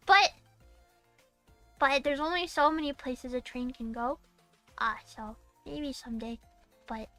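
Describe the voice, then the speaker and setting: A young woman from Massachusetts chats casually on her live stream in a high, sharp, bright voice, rambling and giggling, with plenty of "um" and false starts. The sound is dry and close, with soft music playing faintly behind her. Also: no room sound. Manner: rambling and giggly, with many fillers and restarts. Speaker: VTuber streamer.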